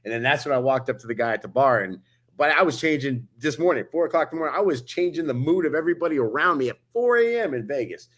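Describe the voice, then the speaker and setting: Fast-talking motivational podcast man. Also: a little high. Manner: energetic storyteller acting out quoted dialogue. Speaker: podcast co-host. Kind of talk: motivational casual chat. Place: Las Vegas hotel.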